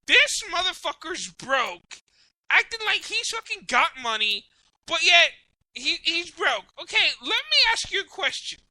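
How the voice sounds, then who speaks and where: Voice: extremely high pitch, sing-song, a little slow, bright, forceful tone, no echo, low-quality recording. A podcast host ranting in casual profane chat, rambling and apologizing as they go. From Mexican heritage.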